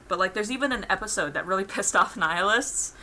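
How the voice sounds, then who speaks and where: Young female streamer, bright tone, casual rambling chat while drawing. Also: medium pitch, expressive, quick pace. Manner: rambling, lots of "like" fillers, laughs through stories. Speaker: art streamer.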